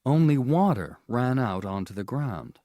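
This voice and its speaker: A man narrating a storybook audiobook in a slow, measured, clear reading style. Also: mid-range voice, big pitch swings, warm tone, dry recording, clean studio sound.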